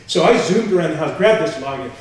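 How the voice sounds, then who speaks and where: An older man tells a story on a live stage, animated and full of fillers as he acts out what people said. His voice sits a little high for a man, and it comes through from far off in a very echoey hall. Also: fast. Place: stage before a live audience.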